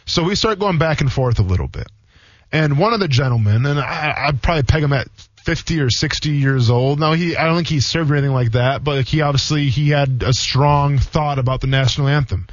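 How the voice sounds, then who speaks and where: A man's voice: a little high, no echo. A man in his thirties, a former football player, co-hosting a sports radio show and telling rambling stories with lots of fillers. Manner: fast, rambling storytelling with many fillers. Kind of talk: casual sports radio talk. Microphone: studio microphone. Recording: dull, dry radio studio sound.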